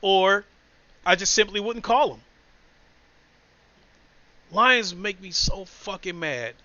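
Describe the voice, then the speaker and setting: Blunt, high-voiced man ranting about football. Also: slow, bright, forceful tone, no echo, muffled recording. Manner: blunt, profane, emotional storytelling. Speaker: sports commentator. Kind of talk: casual sports rant.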